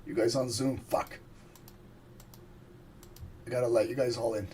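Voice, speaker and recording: A hoarse man as a trading instructor, casually walking viewers through price charts on a live stream, profane and checking they follow along. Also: medium pitch, fairly even intonation, unhurried, darkish tone, slight background noise.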